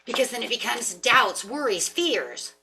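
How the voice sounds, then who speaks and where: Lady tarot reader just chatting away to the camera, bright clear tone, kinda rambly and animated. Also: on the high side, measured pace, a little hiss or hum. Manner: rambling, animated, talks to herself with laughs and mock voices. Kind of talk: casual spiritual talk to camera.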